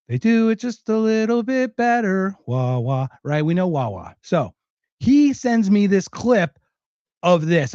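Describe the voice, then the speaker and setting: A man's voice: fairly high pitch, a little mellow, dry recording, muffled recording. Chatty Philadelphia man hosting a podcast. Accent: faint Philadelphia. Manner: rambling, chatty storyteller. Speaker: podcast host. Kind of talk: casual chat.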